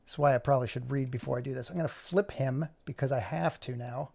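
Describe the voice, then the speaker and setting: A fast-talking middle-aged video creator with a medium-pitched, gravelly, slightly mellow voice explains an animation tutorial while recording his screen. He chats freely, teases himself, and mutters as he goes.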